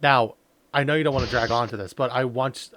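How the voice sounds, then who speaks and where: A man hosts a laid-back podcast, rambling through his points with plenty of fillers and easy laughs. His voice sits in a middle pitch, recorded close and dry with no room sound. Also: a little fast, a bit bright, no echo. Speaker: podcast host. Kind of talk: casual podcast chat.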